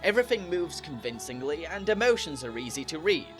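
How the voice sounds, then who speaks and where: A man's voice: a little high, very animated, brisk, faint music behind. A man narrating a scripted review, opinionated and critical. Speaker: anime reviewer.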